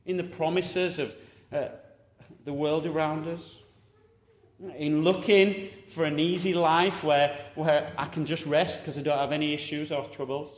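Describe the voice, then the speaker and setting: A man preaching a sermon, exhorting and animated, rising loud and dropping quiet. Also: on the high side, measured pace, echoey room, in a large hall.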